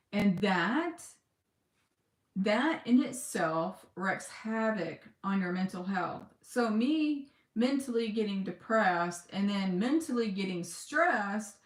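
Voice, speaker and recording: A woman talking in a personal video diary, on the edge of tears, halting and emotional, with sighs and pauses. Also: medium pitch, reverberant. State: close to tears. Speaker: vlogger.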